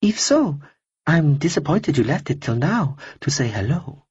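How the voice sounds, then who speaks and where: Brief: a teasing, ironic young woman with a girlish lilt, as a man puts her on, husky edge, audiobook. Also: big pitch swings, a little slow, a little mellow, dry recording, dull audio, full character voice. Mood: wry. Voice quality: higher, girlish voice. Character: poised young woman in shadow robe, wry, ironic.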